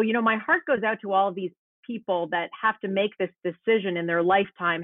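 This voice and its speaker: A woman's voice: mid-range voice, no echo. A woman guest in an interview, earnestly recounting a painful personal story. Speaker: guest, meteorologist. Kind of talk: remote interview, personal account. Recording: tinny phone-line sound.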